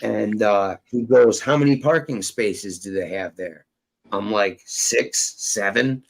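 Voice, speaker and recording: A man's voice: fairly low pitch, slow, gravelly, low-quality recording. A man telling a rambling, profane story in casual chat, acting out the dialogue he quotes. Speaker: storyteller guest.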